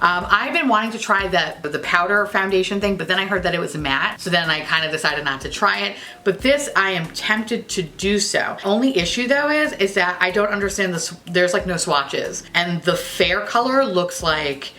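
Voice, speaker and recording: Young woman, beauty vlogger; bright, lower-pitched, chatty and profane. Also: lively intonation, moderate pace. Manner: chatty, swears freely, jokey asides. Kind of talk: casual chat to camera.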